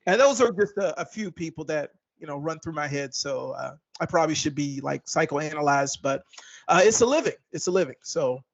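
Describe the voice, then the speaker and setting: A man's voice: fairly high pitch, normal speed, vocal fry, highs cut off. A male comedian chatting as an interview guest, hesitant with many fillers. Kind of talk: casual interview chat.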